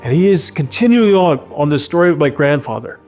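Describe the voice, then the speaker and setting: A man's voice: on the high side, animated, a little fast, a little mellow, soft background music. A man hosting, introducing another episode in a welcoming way. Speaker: host. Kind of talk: show introduction.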